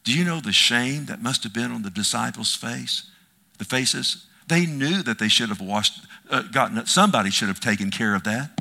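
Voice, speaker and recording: A man's voice: medium pitch, lively intonation, moderate pace, gravelly, sharp tone. A man preaching a sermon as pastor, with emphatic delivery and frequent rhetorical questions to the congregation.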